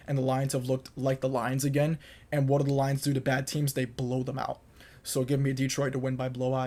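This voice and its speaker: A young man talks alone on his podcast, laying out football predictions with firm, emphatic conviction and repeating points to drive them home. His pitch sits at an ordinary middle height and barely moves, giving the delivery a level, monotone feel. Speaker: podcast host. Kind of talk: solo sports picks monologue.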